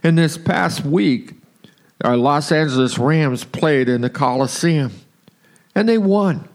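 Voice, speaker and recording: A man from Southern California giving an earnest devotional sermon, slowing down to read scripture aloud. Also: fairly high pitch. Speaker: preacher.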